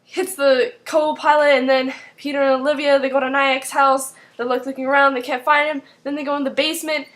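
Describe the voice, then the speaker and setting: A woman's voice: high voice, flat delivery, a little fast, few pauses, a bit bright. A young woman casually recapping a TV episode in a vlog, chatty and leaning on "like" throughout. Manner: chatty, fills with 'like' constantly.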